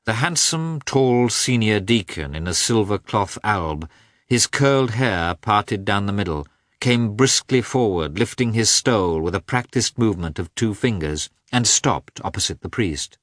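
A man reading a classic novel aloud as an audiobook narrator, in a measured, even manner. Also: lowish voice, no room sound, clean studio sound.

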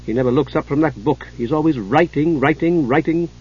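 A man voicing a gentle but sarcastic female nature goddess, speaking warily and drily in a husky voice. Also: fairly high pitch, a little fast, highs cut off. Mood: thoughtful. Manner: dry, sarcastic, skeptical.

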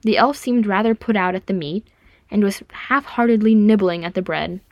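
A woman narrating a fan fiction audiobook in a calm, measured way. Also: mid-range voice, dry recording, highs cut off. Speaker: audiobook reader.

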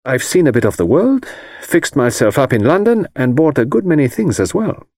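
A breezy, self-assured young woman, as a male narrator raises his voice for her, lifting well above his own pitch with lively, swooping turns. The voice is crisp and close with no room around it, bright and a little teasing, cheerful and unbothered. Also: moderate pace, no room sound. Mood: breezy, confident.

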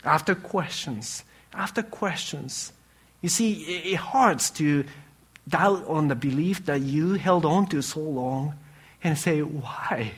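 Earnest halting male preacher. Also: on the high side, breathy edge. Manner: earnest, halting speech with restarts and pauses. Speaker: pastor. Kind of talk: sermon.

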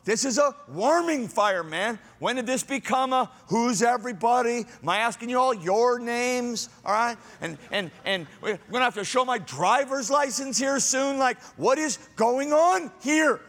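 A man voicing Peter as a whiny, pleading grown man, exasperated and raised in pitch. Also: measured pace, hardly any pauses, long reverb tail. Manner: exasperated, pleading, high and loud.

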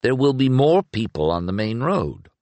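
A man's voice: mid-range voice, big pitch swings, moderate pace, darkish tone, no room sound, voice pushed up. A man voicing a stern, impatient investigator in an audiobook, speaking in curt, clipped lines. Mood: terse. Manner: curt, clipped speech through gritted teeth. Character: stern grim male investigator, terse and impatient. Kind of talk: audiobook character reading.

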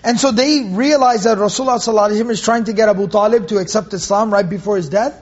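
In this Quran commentary lesson, the teacher is a man whose voice is very high and breathy-husky with a darkish tone. Earnest throughout, he repeats key phrases and eases his pace for Arabic verses; the audio is muffled, dull, and lo-fi.

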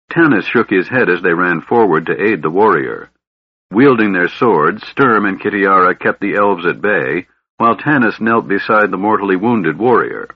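A man narrating an audiobook in a measured, somber way. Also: sits low, breathy edge, no room sound. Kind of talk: scripted narration. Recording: dull lo-fi audiobook recording.

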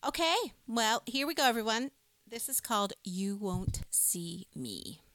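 A woman's voice: on the high side, expressive, a little slow, fairly bright tone, dry recording. A woman co-hosting a live music stream, chatting with enthusiasm and reading viewer comments aloud. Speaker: co-host of a music livestream. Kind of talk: casual live-stream chat.

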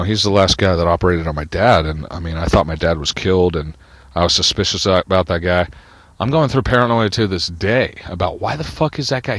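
Agitated man ranting to camera, deep and husky, swearing constantly, close dry sound. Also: fairly bright tone, dry recording. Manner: agitated, profane, paranoid venting. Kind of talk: rambling personal monologue.

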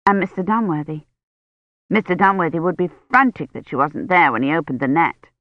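A woman's voice: fairly low pitch, expressive, brisk, no echo, close to an everyday voice. A woman voicing a young female historian who is feverish and frightened, speaking urgently and pleadingly. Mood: anxious inner thought. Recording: dull, slightly muffled studio audio.

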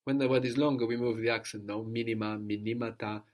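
A man's voice: medium pitch, fairly even intonation, quick pace, a little mellow. A man teaching a language lesson, patiently prompting his student and repeating the answers.

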